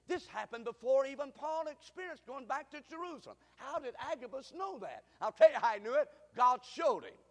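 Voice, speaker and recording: A preacher with a strikingly high voice delivers an emphatic sermon, calling for responses and climbing into shouts. His voice carries with a long reverb through a church sanctuary. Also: big pitch swings, a little fast, few pauses. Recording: reverberant hall.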